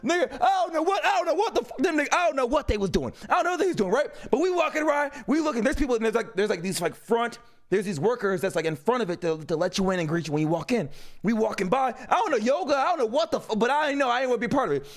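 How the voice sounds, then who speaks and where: High, fast-talking young man telling stories. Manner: animated, loose and profane, with shouted bursts and laughs. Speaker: streamer. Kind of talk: casual storytelling on stream.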